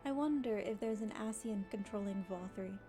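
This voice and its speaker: A woman's voice: medium pitch, moderate pace, dark tone, faint music behind. A woman game streamer giving blunt, sweary, chatty commentary while she plays. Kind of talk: casual gameplay commentary.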